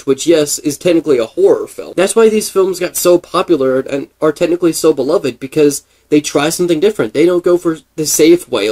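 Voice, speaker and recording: A man talking casually into the mic, his voice sitting a little high. He rambles and thinks out loud, stumbling over fillers and restarting his sentences as he goes. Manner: chatty, thinking aloud. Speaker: gaming video creator. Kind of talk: casual commentary.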